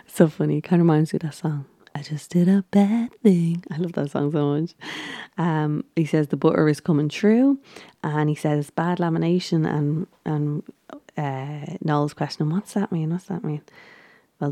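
Low, gravelly-voiced woman chatting casually. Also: mellow, no echo, clean studio sound. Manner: chatty, giggly, many ums and restarts. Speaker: recapping a baking show episode. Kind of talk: casual spoken recap.

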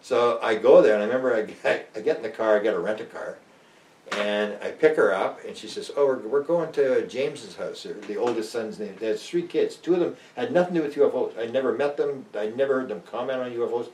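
A man's voice: medium pitch, fast talker, darkish tone. Older man telling rambling stories. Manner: rambling, many restarts, acts out quoted voices. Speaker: author guest. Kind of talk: rambling storytelling interview. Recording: roomy and distant.

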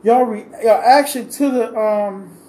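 Man, high voice, impassioned unscripted monologue, pleading, repetitive questioning, echoey room, faint background noise. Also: a little slow, warm tone. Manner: pleading, repeats questions insistently; rambling with restarts. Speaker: vlogger giving his opinion. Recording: roomy echo with faint ambient noise.

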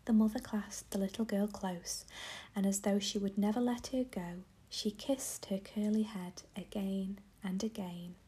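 A woman reading a children's story aloud in a slow, gentle whisper. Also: mid-range voice, steady tone.

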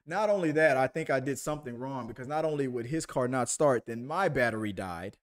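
A man's voice: mid-range voice, lively intonation, brisk. A man co-hosting a podcast over a video call, telling stories in a rambling, self-deprecating way with lots of restarts. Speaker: podcast co-host. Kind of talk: casual chat.

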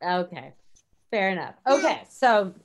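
A woman's voice: medium pitch, very animated, unhurried, noisy background. Teasing woman podcast host. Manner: teasing, playful. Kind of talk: casual podcast chat.

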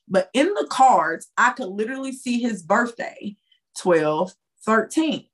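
A woman guest on a podcast, a tarot reader telling a story in a lively, chatty way with loose, slangy phrasing. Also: on the high side, unhurried, husky. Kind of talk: casual storytelling.

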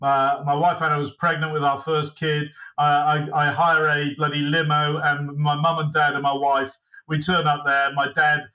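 An English man in middle age talks with a bright, forceful edge, spinning animated anecdotes. He sounds set back from the mic, and the sound is a bit dull and lo-fi. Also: a little high, normal speed, distant mic. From England. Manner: animated storyteller who mimics others in put-on voices. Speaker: podcast guest, screenwriter. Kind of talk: casual podcast chat.

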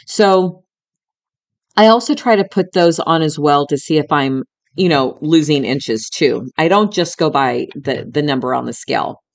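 A woman's voice: sits low, a little slow. A middle-aged woman hosting a podcast, telling a personal story in a candid, emotional way, with some swearing and talking straight to the listener as a friend. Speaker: podcast host.

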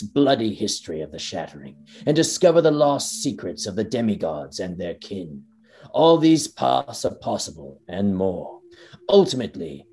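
A man's voice: fairly low pitch, dark tone. A man co-hosting a podcast, reading dramatic trailer narration and chatting casually, stumbling over words and laughing at his own slips. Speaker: podcast co-host.

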